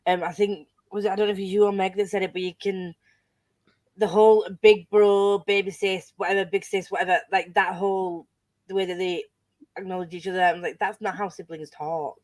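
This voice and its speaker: An animated woman chatting about books in a livestream, swearing and laughing as she goes. Her voice sits at a mid pitch. The sound is close and dry, with no room echo. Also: a little fast. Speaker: guest book reviewer. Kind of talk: casual book club chat.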